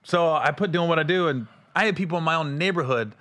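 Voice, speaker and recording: A man's voice: fairly high pitch, fast talker. A man from Cincinnati hosting a podcast, telling stories in a casual comedic chat and acting out quotes. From Cincinnati, USA. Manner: animated storyteller, acts out quotes. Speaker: podcast host.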